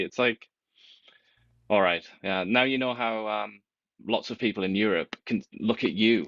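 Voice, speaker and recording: A man co-hosting a casual political chat, talking in an animated, wry way with big swings in pitch. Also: normal speed, dry recording, muffled recording.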